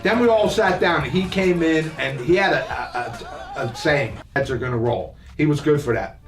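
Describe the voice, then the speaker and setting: An older man spins profane childhood stories, rambling and laughing as he goes. His voice sits high for a man. It rings in a roomy space, picked up from a few feet off the mic with faint music underneath. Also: animated, moderate pace, distant mic. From New Jersey. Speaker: podcast host. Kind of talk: casual storytelling.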